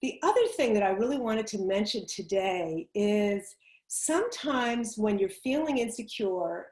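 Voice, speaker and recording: A woman's voice: medium pitch, lively intonation, unhurried, darkish tone. Woman coaching over a roomy video call. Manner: emphatic, chatty, laughs easily. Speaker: public speaking coach.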